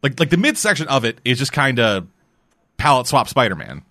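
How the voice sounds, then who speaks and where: Male co-host, animated and sharp-toned, cusses constantly. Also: medium pitch, fairly quick. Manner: animated, profane, exasperated. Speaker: podcast co-host. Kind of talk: casual chat.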